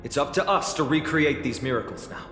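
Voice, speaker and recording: A man's voice: a little high, expressive, a little fast, lightly acted. A man playing a resolute young hero rallying his friends. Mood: determined. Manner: resolute and upbeat, rallying companions. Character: determined young male hero leading a quest. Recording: reverberant game audio with loud music.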